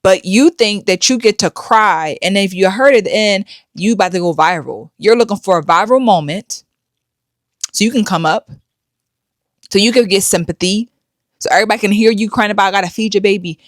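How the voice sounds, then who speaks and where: A woman's voice: medium pitch, normal speed, no room sound, clean studio sound. A middle-aged woman hosting a commentary show, blunt and lecturing. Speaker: host. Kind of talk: commentary vlog.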